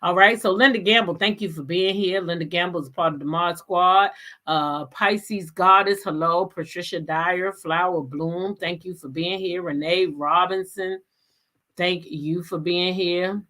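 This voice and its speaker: A woman's voice: on the low side, steady tone, sharp tone. Chatty woman hosting a livestream. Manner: chatty, laughs often, drawn-out greetings. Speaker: channel host. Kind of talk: casual livestream chat greeting viewers.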